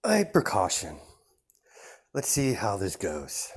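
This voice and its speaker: A man voicing a calm young werewolf alpha who threatens quietly. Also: low-pitched, takes it slowly, breathy edge, full character voice. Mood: cool. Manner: cool and threatening.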